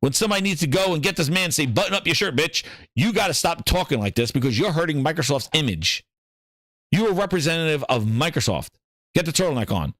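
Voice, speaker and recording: A man's voice: fairly high pitch, fast talker, dry recording. Casting: male podcast host, heated gaming rant, dry close sound. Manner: ranting, animated, repeats himself. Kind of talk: casual gaming commentary.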